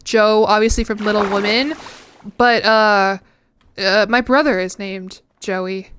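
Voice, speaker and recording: A woman's voice: mid-range voice, steady tone, a little slow, fairly bright tone, slight background noise. A young woman streamer chatting casually while playing a game, rambling and self-deprecating with frequent giggles. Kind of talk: casual chat while gaming.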